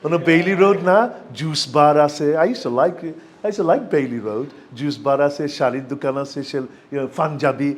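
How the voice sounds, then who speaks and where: Fast-talking enthusiastic Sylheti man. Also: a little high. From Bangladesh, Sylhet region. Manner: chatty and enthusiastic, asks for agreement often. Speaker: university lecturer giving a workshop talk. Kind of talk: lively presentation to students.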